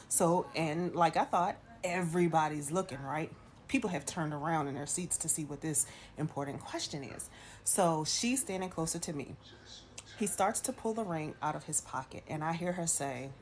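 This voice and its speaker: A woman who works for an airline, telling a story in a chatty, animated, slangy way. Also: deep voice, normal speed, slight background noise. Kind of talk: casual storytelling.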